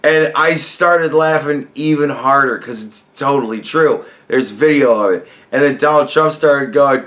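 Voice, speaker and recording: A man's voice: on the high side, measured pace, hardly any pauses, a bit bright. Profane, rambling man ranting. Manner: profane, rambling, exasperated, often laughing. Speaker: commentary vlogger. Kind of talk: casual reaction rant.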